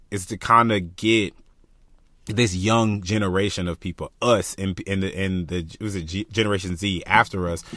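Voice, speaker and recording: A young man from Florida, co-hosting a podcast in casual chat, passionate and animated, thinking aloud with lots of fillers. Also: fairly low pitch, no room sound. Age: young adult. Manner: passionate, animated, talks through ideas with many fillers. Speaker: podcast co-host.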